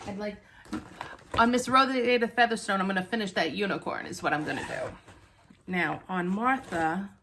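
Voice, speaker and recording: A woman's voice: medium pitch, normal speed, fairly bright tone, slight background noise. A woman hosting a stitching vlog, chatting casually to viewers, out of breath, rambling with many ums and restarts.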